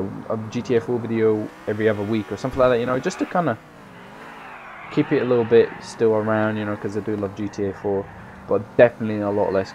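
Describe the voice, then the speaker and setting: A tired young man giving casual, rambling gameplay commentary, swearing freely with loud bursts of excitement. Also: on the low side, highs cut off, noisy background. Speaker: gaming YouTuber.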